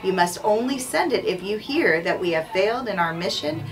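A woman's voice: mid-range voice, lively intonation, normal speed, natural voice. A woman voicing a grave, commanding army captain while reading a storybook aloud. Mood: solemn. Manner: firm, solemn read-aloud delivery. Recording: distant mic, faint background noise.

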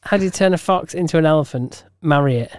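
A man's voice: on the high side, quick pace, darkish tone, smooth, no echo. A man co-hosting a podcast in casual chat, laughing often, with dry, teasing humour. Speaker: podcast co-host.

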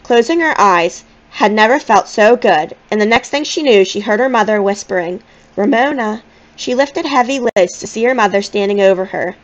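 A woman reading a children's novel aloud in a gentle, expressive storytelling manner. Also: medium pitch, normal speed, few pauses, muffled recording. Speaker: audiobook reader.

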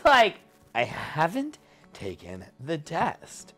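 A drunk young man telling a rambling story, jumping into loud high-pitched quotes. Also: huge pitch swings, takes it slowly, soft background music. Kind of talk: tipsy rambling anecdote.

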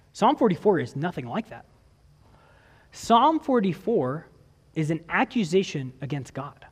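A man preaches in a church sanctuary, his voice sitting high and leaping up and down as he asks his listeners questions. He reads scripture between his points. A long reverb trails each phrase through the hall. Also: fairly bright tone. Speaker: pastor. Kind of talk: sermon.

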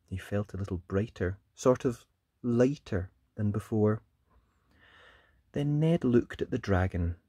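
Male read-aloud narrator, leisurely and very expressive, dry close mic. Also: slightly rough, no echo. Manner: lively sing-song storytelling, big swoops in pitch. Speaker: storybook reader. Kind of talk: read-aloud picture book in rhyme.

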